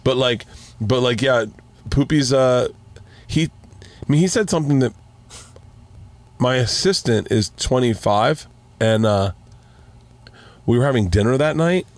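An excitable man swaps stories on a chatty podcast at an ordinary, middle pitch. He stumbles and restarts mid-sentence as the stories tumble out. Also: measured pace, pauses often, dry recording. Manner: animated storyteller with many restarts. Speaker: guest comedian. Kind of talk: casual podcast chat.

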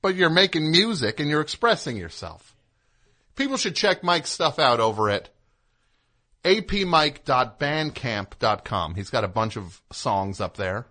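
On this radio show, the male host speaks in a mid-range, sing-song voice at a measured pace, sounding pushed and bright. His talk is rambling comedy: chatty, digressive, with music plugs slipped between jokes.

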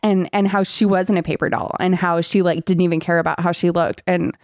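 A woman's voice: on the low side, fairly even intonation, a little fast, darkish tone, dry recording, studio quality. A woman in casual chat recapping a book, sarcastic and swearing freely as she acts out the characters' lines.

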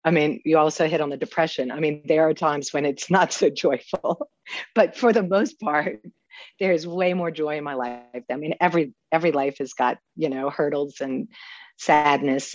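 Speaking at normal speed in a low-pitched voice, a New Orleans woman in her 50s gives an emotional testimony about her recovery. She is heartfelt, tearful but joyful, and laughs frequently. The recording is dry and muffled.

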